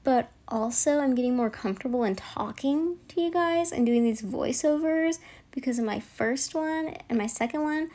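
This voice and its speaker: A young woman talks over her own video in a loose, rambling voiceover, circling back to apologize for chatting so much. Her voice sits a bit high, and she takes her time, drawing words out instead of rushing. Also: dark tone. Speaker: nail vlogger. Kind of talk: casual voiceover chat.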